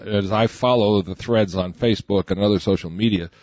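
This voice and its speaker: A man's voice: on the low side, fairly quick, a little mellow, no room sound, dull audio. A man co-hosting a political radio talk show, rambling and emphatic, often restarting. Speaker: co-host.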